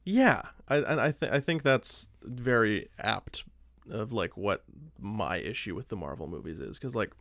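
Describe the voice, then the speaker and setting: A man's voice: on the low side, expressive, a little slow, fairly bright tone, no room sound, studio quality. A man co-hosting a podcast, chatting casually about movies and rambling with lots of filler words. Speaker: podcast co-host.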